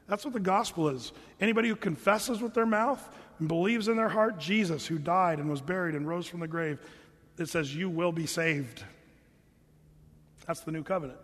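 A man's voice: high-pitched, moderate pace, a bit bright, long reverb tail. A man preaching a sermon as pastor, conversational, now and then mimicking his listeners.

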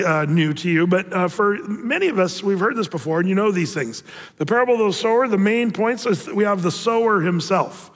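A man with a high voice preaches to his congregation in a casual, chatty way, full of fillers and restarted phrases. He slows right down for the scripture readings. His voice rings out across a church sanctuary with a long reverb. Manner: conversational, with many fillers and repeated starts. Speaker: pastor. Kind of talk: sermon.

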